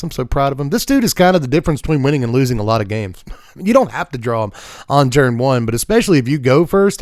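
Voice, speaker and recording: A man's voice: mid-range voice, no room sound, clean studio sound. A man hosting a casual card game deck tech, jokey and playful with punchy asides. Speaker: card game YouTube host.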